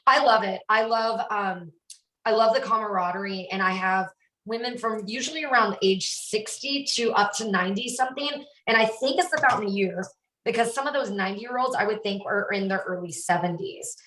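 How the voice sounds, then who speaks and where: The voice is medium-pitched, bright and forceful, at a normal speed: a woman fitness instructor doing a casual cooking chat on a live stream. She's bubbly, greets viewers by name while she cooks, and the distant mic makes the sound roomy.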